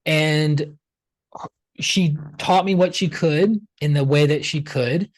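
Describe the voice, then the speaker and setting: A man's voice: a little high, takes it slowly, dry recording. Chatty man telling a story, dry sound. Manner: chatty and animated, acts out quoted dialogue, many "like" fillers. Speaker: pranic healer, podcast guest. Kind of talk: storytelling in a conversational interview.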